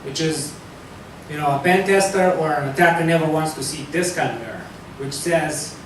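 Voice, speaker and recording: Man lecturing in an echoey hall. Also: a little fast. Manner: loose, conversational, with fillers and self-corrections. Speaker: security talk presenter. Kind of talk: live technical lecture. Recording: echoey hall from far off, faint rumble.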